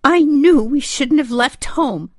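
Lady doing an old mom who's crying and wavering, way up high, shaky voice, close dry recording. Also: lively intonation, takes it slowly, dry recording. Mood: wailing distress. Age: older. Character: elderly mother, anxious, wailing, tearful.

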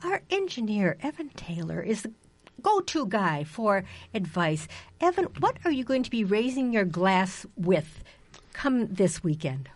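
A woman's voice: medium pitch, sing-song, a little slow, no echo. A woman hosting a radio show, chatting casually and laughing easily between songs. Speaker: radio host.

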